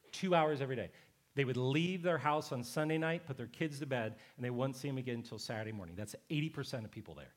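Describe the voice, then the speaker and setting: A middle-aged male pastor preaching a sermon, conversational and emphatic, with repeated phrases for stress. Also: mid-range voice.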